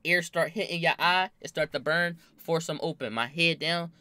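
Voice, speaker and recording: A young man casually telling a wild story from his own life, animated and full of slang and swearing. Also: fairly high pitch, normal speed, dry recording. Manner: animated, slangy, swears a lot, bursts into loud laughing shouts.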